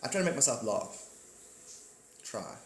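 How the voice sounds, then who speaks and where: A man's voice: medium pitch, big pitch swings, normal speed, vocal fry, a little hiss or hum. A man hosting a casual live stream, rambling, joking and greeting his viewers by name. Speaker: livestream host. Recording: echoey room with faint ambience.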